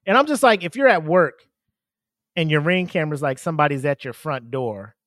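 A man's voice: on the high side, expressive, fairly quick, a bit bright, no room sound, clean studio sound. A man hosting a podcast alone, talking casually and rambling, with lots of swearing, fillers and laughter. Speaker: podcast host. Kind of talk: casual solo podcast commentary.

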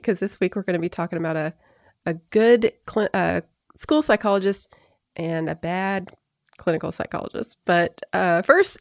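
A woman hosting a podcast in casual chat, talking fast with frequent restarts and easy laughter. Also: lowish voice, creaky, no echo, studio quality. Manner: chatty, restarts often, laughs easily. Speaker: podcast host.

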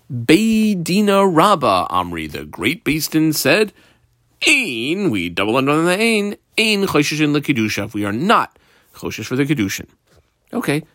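A man's voice: mid-range voice, fairly bright tone, dry recording, studio quality. A man giving a casual Talmud lesson, reading Aramaic phrases and explaining them in English. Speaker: Talmud teacher.

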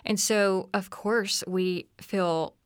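A woman's voice: mid-range voice, fairly even intonation, extremely slow, smooth, dry recording, clean studio sound. A woman in her forties, a podcast guest, telling stories about her children in an earnest, reflective way. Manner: earnest, reflective, acts out family dialogue. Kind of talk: conversational storytelling.

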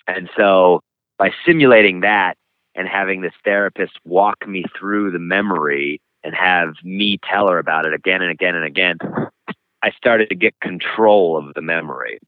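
A man speaking frankly and reflectively as an author being interviewed, pausing often as he talks. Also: sits low, no echo. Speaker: author and guest. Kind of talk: candid interview conversation. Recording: tinny phone-like line, dry.

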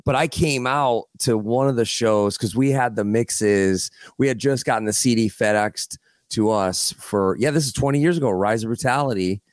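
A man's voice: medium pitch, normal speed, no room sound, clean studio sound. A man hosting a podcast, talking loosely in a casual chat and often restarting his sentences. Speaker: podcast host.

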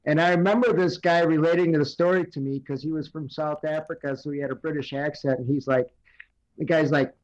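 High-voiced older man, rambling. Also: fairly even intonation, a little fast, lo-fi sound. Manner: rambling storyteller with many fillers. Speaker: recurring guest segment host. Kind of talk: casual podcast chat.

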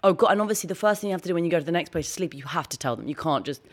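A woman, a guest on an interview show, telling a long story quickly and with energy. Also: low-pitched. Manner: fast, animated storytelling with laughs. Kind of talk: casual interview chat.

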